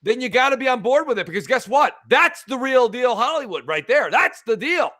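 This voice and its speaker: A man hosting a casual gaming podcast, animated and hypey, with a fondness for catchphrases. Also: very high voice, fairly quick. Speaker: podcast host.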